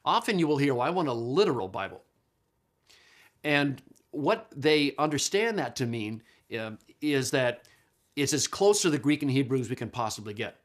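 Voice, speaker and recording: A man's voice: medium pitch, sing-song, normal speed. A middle-aged man giving a conversational lecture on Bible translation, explaining patiently with frequent fillers and restarts. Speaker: Bible scholar and teacher.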